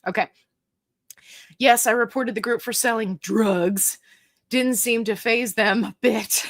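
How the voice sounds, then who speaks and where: A woman's voice: a little high, fairly even intonation, measured pace. A middle-aged woman hosting a casual livestream, chatty and jokey as she reads viewer comments aloud. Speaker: livestream host.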